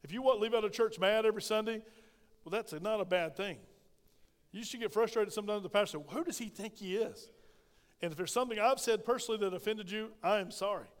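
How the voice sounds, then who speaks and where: A man's voice: high voice, fast, smooth, big-room sound. A middle-aged male pastor, preaching a folksy, emphatic sermon that calls for amens from the congregation. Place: church sanctuary.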